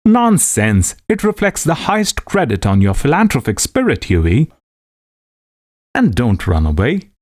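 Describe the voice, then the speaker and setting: A man's voice: mid-range voice, huge pitch swings, a little slow, darkish tone, no room sound, clean studio sound. A man voicing a jovial young painter who talks in a hearty, amused, emphatic way.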